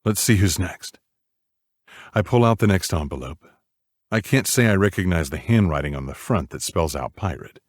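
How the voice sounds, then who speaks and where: A man narrating a romance audiobook in the first person, subdued and measured. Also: low voice, animated, dry recording, studio quality.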